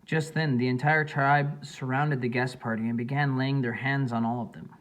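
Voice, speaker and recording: A man narrating an audiobook in a plain, steady reading voice with small slips. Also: medium pitch, normal speed.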